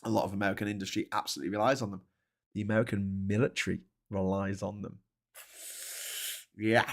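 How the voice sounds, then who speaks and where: A man hosting a casual spoken commentary, rambling and animated with frequent restarts. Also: lowish voice, fast talker. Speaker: host.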